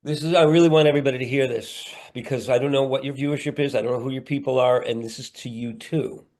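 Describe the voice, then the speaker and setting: A man's voice: medium pitch, steady tone, fast talker, darkish tone. A middle-aged man, a comedian and actor guesting on a podcast, talking in a rambling, earnest way with playful asides over a video call. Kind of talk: candid podcast interview.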